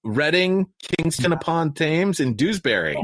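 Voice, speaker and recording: Lively jokey American sports podcast host. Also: male voice, measured pace, dry recording. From United States. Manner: jokey, reads stats off a sheet, often trails off lower. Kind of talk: casual sports podcast chat.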